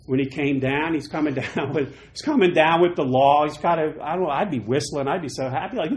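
A middle-aged male pastor giving an informal midweek sermon, lively and conversational, acting out quoted voices. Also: brisk, few pauses, low-quality recording. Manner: animated, acts out quoted voices with big jumps in pitch and loudness.

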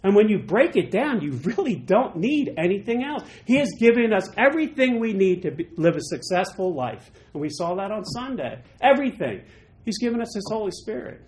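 Animated male pastor preaching. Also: normal speed, poor audio. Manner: animated, acts out quoted voices with big jumps in pitch and loudness. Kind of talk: informal midweek sermon.

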